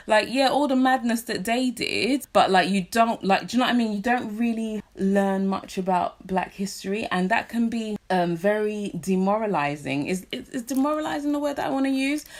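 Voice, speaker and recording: A young woman from London, speaking with a British accent and a slightly low voice, chats unscripted to camera as she does her makeup. She goes off on tangents, jumps between thoughts and keeps checking in with the viewer. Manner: rambling and animated, many asides and "do you know what I mean". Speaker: vlogger. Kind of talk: casual chat while doing makeup.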